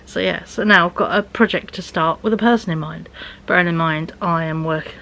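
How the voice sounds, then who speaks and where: A woman's voice: on the low side, fairly quick, vocal fry, fairly bright tone, low-quality recording. A young woman vlogging in a rambling, casual chat, often dropping to a near-whisper.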